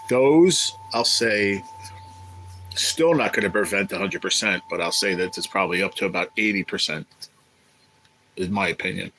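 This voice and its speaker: A man hosts a casual livestream, rambling, swearing, and chatting as he reads and answers viewers' messages. His voice is lowish with a fairly bright tone, and the audio is poor.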